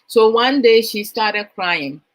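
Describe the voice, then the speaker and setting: A woman's voice: a little high, lively intonation, slow pace, low-quality recording. A woman with a Ghanaian accent, probably in her thirties, hosting a motivational talk. She asks her listeners questions as she talks and mixes in Twi phrases. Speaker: host.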